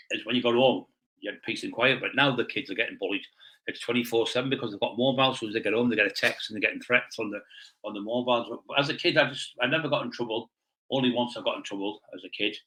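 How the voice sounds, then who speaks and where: A man's voice: medium pitch, sharp tone, poor audio. A middle-aged man from Scotland, a guest telling stories in a blunt, rambling way. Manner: blunt, rambling, quick-talking. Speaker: interview guest. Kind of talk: casual storytelling.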